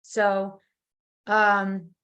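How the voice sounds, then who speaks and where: A middle-aged woman telling a personal story in a casual, animated way, acting out the voices of people she describes. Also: mid-range voice, extremely slow, clean tone, muffled recording. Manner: animated, acts out voices in her stories. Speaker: guest.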